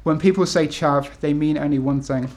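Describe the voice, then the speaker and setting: A man's voice: fairly high pitch, normal speed, a little mellow, a little hiss or hum. A man in his thirties from the UK, an author talking to an event audience with many ums and restarts, then reading his essays aloud. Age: 30s.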